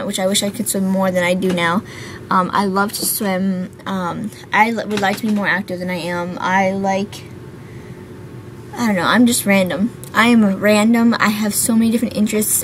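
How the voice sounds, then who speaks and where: A woman's voice: medium pitch, fairly even intonation, moderate pace, slight background noise. A young woman chatting casually to camera in a rambling, hyper way, full of fillers, while tired and yawning. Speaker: YouTuber. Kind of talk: casual vlog chat to camera.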